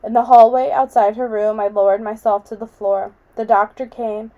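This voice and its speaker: A woman reading a novel aloud in a quiet, measured way. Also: fairly high pitch, little pitch movement, lo-fi sound. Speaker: audiobook reader.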